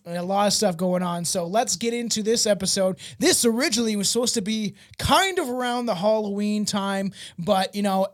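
A man's voice: high-pitched, dry recording, clean studio sound. A man hosting a podcast, rambling casually with frequent laughs and swearing. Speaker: podcast host.

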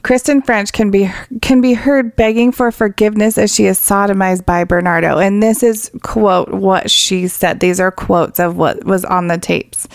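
A woman's voice: mid-range voice, steady tone, moderate pace, few pauses, no echo, studio quality. A woman co-hosting a casual true crime podcast, blunt and indignant, swearing often as she reads out case details. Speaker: podcast co-host.

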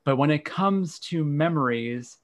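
A man who is a guest on a podcast, explaining his practice in a calm, measured way. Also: on the high side. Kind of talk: explanatory interview talk.

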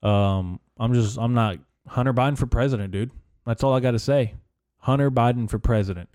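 A young podcast host delivers a profane, sarcastic, rambling solo rant into a close studio mic. He speaks briskly in a mid-range voice with a darkish tone, and the sound has no echo.

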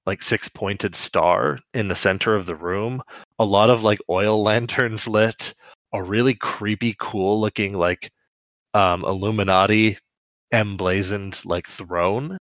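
A man's voice: on the low side, fairly even intonation, slow, fairly bright tone, no room sound, highs cut off. A man co-hosting a podcast, casually recapping a cartoon episode in a rambling way with lots of fillers and laughs. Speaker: podcast co-host.

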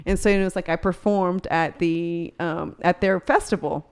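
A woman co-hosting a casual podcast chat, telling stories in lively bursts full of quoted dialogue. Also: lowish voice, smooth. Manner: animated storyteller, quick bursts of quoted dialogue. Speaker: podcast co-host.

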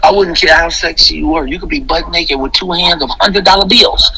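A middle-aged man, a comedian and interview guest, giving an exuberant, preachy testimony in quick bursts. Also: on the high side, gravelly, pushed and bright, slight background noise, low-quality recording.

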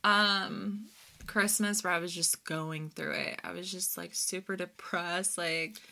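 A bright, crisp-voiced woman co-hosting a casual podcast conversation. She laughs a lot and swears freely. She often slips into acting out bits of dialogue as she tells a story. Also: fairly low pitch, fairly even intonation, slow. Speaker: podcast co-host; mother. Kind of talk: casual chat.

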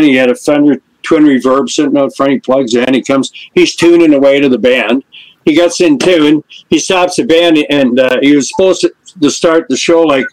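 A man's voice: a little high, low-quality recording. An older man, a musician being interviewed, telling anecdotes and acting out the people in them. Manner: lively storyteller who acts out the people in his stories. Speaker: guest musician, lead singer. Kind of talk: anecdotal storytelling in a podcast interview.

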